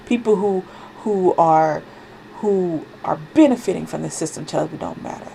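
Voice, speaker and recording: A woman's voice: on the low side, normal speed, gravelly, warm tone, a little hiss or hum, rough recording. A woman giving a fervent, profanity-laced spiritual card reading, sniffling and coughing with a cold and driving her points home through emphatic repetition. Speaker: spiritual reader. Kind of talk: impassioned oracle card reading.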